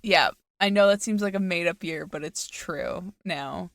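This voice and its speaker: A woman co-hosting a podcast in casual chat, animated and playful with frequent giggles. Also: fairly low pitch, measured pace, no room sound. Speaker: podcast co-host.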